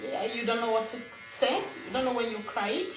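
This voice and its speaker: A woman's voice: on the high side, normal speed, roomy sound, over music. A woman, a mother, chatting casually to her viewers while unboxing something at home. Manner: chatty, talks to viewers as friends. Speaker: mother vlogger.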